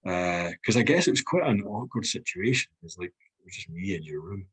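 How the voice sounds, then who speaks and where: A man's voice: low voice, animated, brisk, a bit bright, slightly rough, low-quality recording. A man with a Scottish accent, a guest speaking frankly and reflectively in a podcast conversation, swearing freely.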